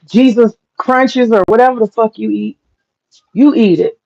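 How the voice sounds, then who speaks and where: A woman with a somewhat high, slightly mellow voice rants bluntly and profanely to her livestream chat, often breaking into laughter. The casual stream has dull lo-fi sound with faint noise.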